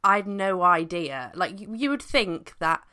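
Effusive, bright-toned woman podcast host. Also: fairly low pitch, animated, a little slow, clean tone. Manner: effusive and encouraging. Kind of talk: podcast interview.

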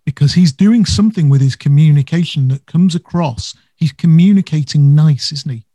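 A man's voice: on the high side, moderate pace, dark tone, dry recording. A man co-hosting a casual business podcast, talking animatedly and stressing words for effect. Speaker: podcast co-host.

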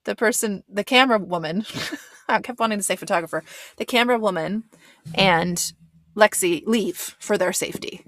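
A woman's voice: mid-range voice, moderate pace, fairly bright tone, no room sound. A woman giving a casual recap commentary of a reality show, blunt and swearing, with lots of fillers. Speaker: reaction commentator.

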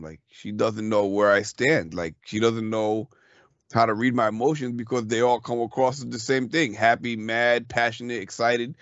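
A man's voice: medium pitch, steady tone, brisk, no room sound, muffled recording. A man in a casual conversation, telling candid stories, swearing freely and acting out both sides of a dialogue.

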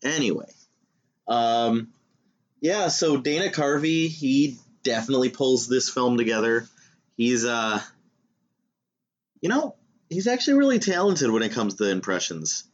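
A man co-hosting a podcast, chatting loosely and swearing as he jokes about a movie. His pitch sits in a middle range. The sound is a little dull and lo-fi. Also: measured pace, long pauses. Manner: swearing, animated, joking. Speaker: podcast co-host. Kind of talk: casual podcast chat.

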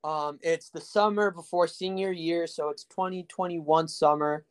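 Hosting a relaxed podcast, a young man from the Rio Grande Valley in South Texas tells meandering, crude stories loaded with fillers and jokes. His voice is slightly high and steady, a bit slow, with a clean tone.

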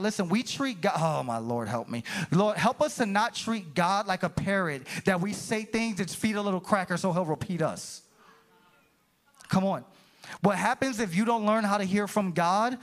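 A pastor preaching a sermon to his congregation, animated and calling out for response. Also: high voice. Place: church sanctuary.

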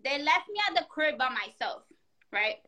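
High, bright-voiced woman telling a story. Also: normal speed. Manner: animated, profane storytelling with acted-out quotes. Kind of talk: casual storytelling chat.

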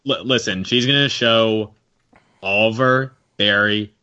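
Laid-back low-voiced male co-host, muffled. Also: measured pace, pushed and bright. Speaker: podcast co-host. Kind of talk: casual podcast chat.

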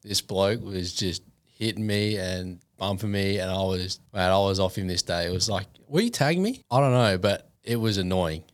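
Young australian man, podcast guest, calm and measured, low voice, dry close sound. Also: no room sound. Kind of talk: casual podcast chat.

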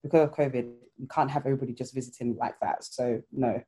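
A woman from Ghana, a new mother, chats casually, telling stories and acting out what people said. Her voice is bass and dark, with a steady tone and a quick pace, and her manner is chatty and full of storytelling.

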